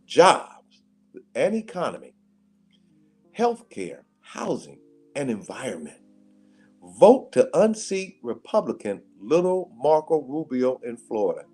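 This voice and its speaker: Animated male talk radio host. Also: a little high, unhurried, slightly rough, soft background music. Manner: animated, laughs often, emphatic. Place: radio studio.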